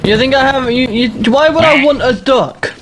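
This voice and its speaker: A man's voice: very high voice, normal speed, background noise. A man in a gaming voice chat, protesting with swearing and mock outrage.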